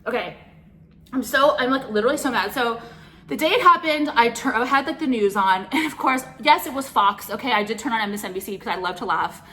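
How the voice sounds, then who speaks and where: A woman vlogging a casual rant to camera, profane and rambling, full of "like" and "okay", swinging between loud mocking outbursts and muttered asides. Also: a little high, expressive, brisk.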